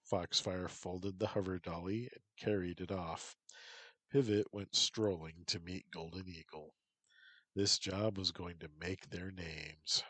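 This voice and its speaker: A man reading a story aloud in a steady, measured narration. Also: deep voice, breathy edge, no room sound, rough recording.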